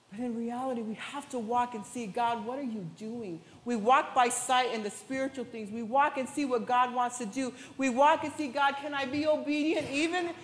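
A woman pastor preaching a sermon with passion, at times rising to shouts. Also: high voice. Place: large church hall. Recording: echoey church hall with long reverb.

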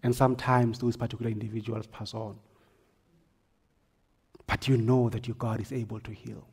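Male pastor, husky mid voice, storytelling sermon with hushed and loud turns. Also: medium pitch, little pitch movement, moderate pace. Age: adult, married. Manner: storytelling, swings from hushed to forceful.

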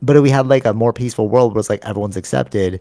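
A man's voice: mid-range voice, racing, warm tone, no room sound, studio quality. A sleep-deprived young man co-hosting a podcast, rambling in casual slang and calling his friend bro. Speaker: podcast co-host. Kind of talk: casual chat. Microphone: studio microphone.

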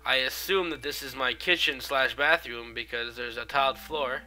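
A man's voice: medium pitch, normal speed, sharp tone, faint music behind. A young man with a stuffy nose from a cold, rambling through casual gameplay commentary with many fillers. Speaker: gaming video host.

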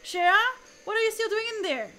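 Woman doing a gruff, cursing rocket captain. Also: sits high, expressive, measured pace, fairly bright tone. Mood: angry shouting. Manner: barking, cursing, bossy. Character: gruff middle-aged male rocket captain, short-tempered.

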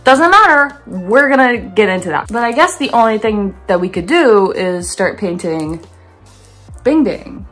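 A woman's voice: medium pitch, animated, unhurried, faint music behind. A young woman chatting playfully in her bedroom as she talks through a painting project, wandering off into rambling asides. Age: young adult. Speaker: art vlogger. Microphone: phone camera.

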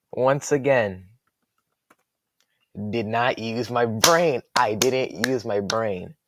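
A young man giving casual, jokey play-by-play of his own game, thinking aloud and reacting loudly to each turn. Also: mid-range voice, slow, noisy background. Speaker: gaming commentator.

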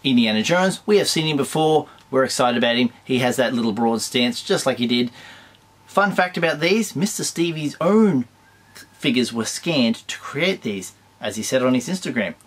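An Australian man hosts a toy collecting show in a relaxed, chatty way. His voice sits at an ordinary middle pitch, and he drifts from eager excitement to dry little jokes. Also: moderate pace. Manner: chatty, enthusiastic, wry asides. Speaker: toy collector channel host. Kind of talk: casual chat reviewing toy news.

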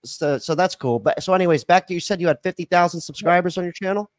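Guy hosting a podcast, kinda high voice, rambles w lots of ums, dry close sound. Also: quick pace, dry recording. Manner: rambling, full of fillers and restarts. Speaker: podcast host. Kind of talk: casual chat.

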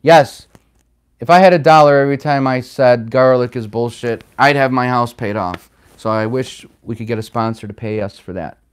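A man's voice: medium pitch, normal speed, smooth. A man hosting a casual livestream, rambling and chatty as he reads out and answers viewer comments. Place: home in Chicago.

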